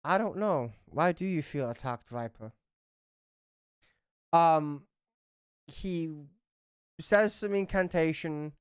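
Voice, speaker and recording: A woman's voice: deep voice, slow pace, long pauses, clean tone, no room sound, clean studio sound. A woman running a tabletop game livestream, chatty and swearing freely as she narrates. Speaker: game master.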